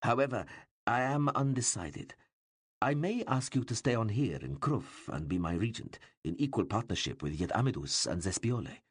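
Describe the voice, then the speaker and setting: A man voicing a grey-bearded older ruler who speaks with calm, measured authority in an audiobook. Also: fairly low pitch, slightly rough, dry recording, studio quality. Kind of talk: audiobook character voice.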